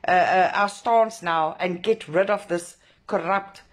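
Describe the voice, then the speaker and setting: A woman's voice: lowish voice, unhurried. A woman, an angry protest organiser shaken after a clash, ranting to camera with heavy swearing and emphatic repetition. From South Africa. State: emotionally shaken. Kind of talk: angry direct-to-camera rant.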